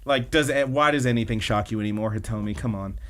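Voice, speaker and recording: A man's voice: on the low side, quick pace, a bit bright. Male podcast co-host, loose and chatty, lots of "like" and "uh". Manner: rambling, filler-heavy retelling. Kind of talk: casual anime recap chat.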